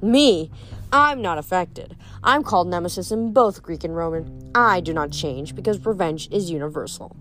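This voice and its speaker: A woman's voice: lowish voice, lively intonation, moderate pace, fairly bright tone, soft background music. A woman reading aloud, voicing a scornful, cackling goddess of revenge. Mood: haughty. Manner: sneering, haughty.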